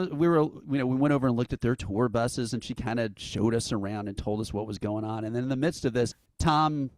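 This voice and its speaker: A man's voice: mid-range voice, a little fast, hardly any pauses. A man being interviewed as a guest, telling a long anecdote in a casual way and acting out the lines of the people in it. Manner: animated storyteller who acts out quotes with laughs. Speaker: interview guest, event founder.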